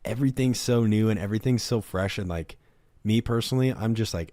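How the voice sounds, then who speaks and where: A man's voice: lowish voice, a little fast, mellow, no room sound. A man co-hosting a casual podcast chat, blunt and profane, arguing the other side. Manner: blunt, swears freely, argues devil's advocate. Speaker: podcast co-host.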